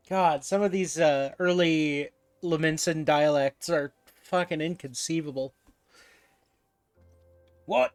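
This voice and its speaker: A male streamer talking casually over his game in a slightly high voice, loose and joking with a freely swearing manner. Faint game music runs underneath. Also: fairly even intonation, slow pace, long pauses, clean tone, no echo. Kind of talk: casual gaming commentary.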